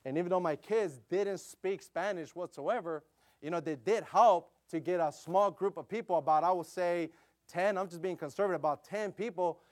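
A man preaches a sermon, relating a missionary story in a loose, chatty style packed with fillers and frequently becoming loud and emphatic. His voice sits high and he speaks at a normal speed.

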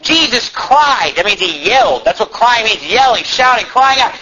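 High, lively fervent male preacher. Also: moderate pace, hardly any pauses, muffled recording. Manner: impassioned, swings from loud cries to low emphatic asides. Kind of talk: fervent sermon.

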